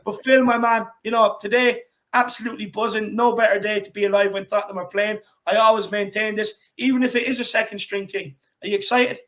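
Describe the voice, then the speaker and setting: A man hosts a lively fan call-in, talking in a high, bright voice. He rambles along, cracks jokes and keeps the energy hyped. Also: brisk, few pauses. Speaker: host of a fan call-in show. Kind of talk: casual chat.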